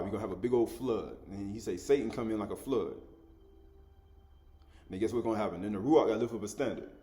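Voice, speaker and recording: A man's voice: on the low side, a little mellow. A man giving an informal spoken Bible study, chuckling often, repeating words and asking the listener "right?" as he goes. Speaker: scripture teacher.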